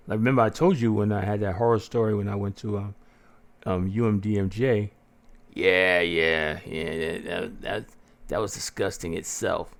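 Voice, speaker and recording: A man hosting a podcast, telling a story casually with plenty of swearing and animated delivery, jumping into a raised voice to act out what people said. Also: lowish voice, moderate pace, vocal fry. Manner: profane, animated, acts out quotes in a raised voice. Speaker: podcast host.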